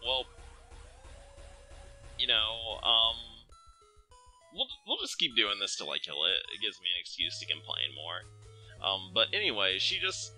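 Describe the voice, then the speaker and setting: A man's voice: on the low side, wildly swooping pitch, measured pace, long pauses, sharp tone, soft background music, poor audio. A young man hosting a let's play, venting in casual, profane gameplay commentary.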